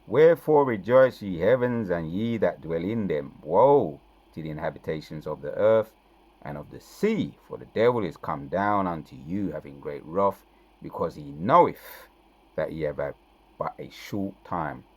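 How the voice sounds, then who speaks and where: Gravelly low-voiced man preaching scripture. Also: lively intonation, a little mellow, dull audio. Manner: reads verses slowly then comments with frequent "right?" and "man". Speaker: scripture teacher.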